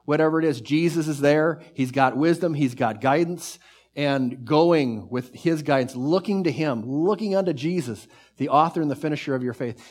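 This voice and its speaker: A man preaching a sermon, fervent and earnest, surging up in bursts and dropping to soft, drawn-out lines. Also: a little high. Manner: fervent, pace and volume swell then drop to soft near-whisper.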